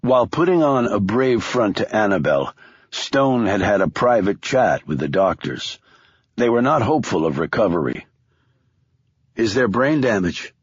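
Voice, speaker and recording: Male thriller narrator, husky, lively intonation, dry booth sound. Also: fairly low pitch, no echo, muffled recording. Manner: expressive, measured storytelling. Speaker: audiobook narrator.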